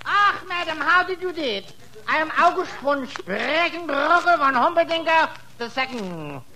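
A fussy, pompous German cook. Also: male voice, very high voice, sing-song, measured pace, sharp tone, a little hiss or hum, heavily acted, rough recording. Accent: German-accented English. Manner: pompous, rambling and muddled. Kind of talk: 1940s radio comedy acting.

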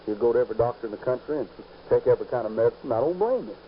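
A man preaching a sermon, emphatic and rising to loud peaks on key points. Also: mid-range voice, lively intonation, rapid-fire. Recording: dull lo-fi recording with faint hiss.

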